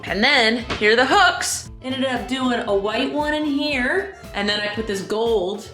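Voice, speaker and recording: A woman's voice: a little high, a little slow, sharp tone, soft background music. A woman chatting casually to her camera in a rambling, self-mocking vlog as she goes about her errands. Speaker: vlogger. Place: at home and out on errands.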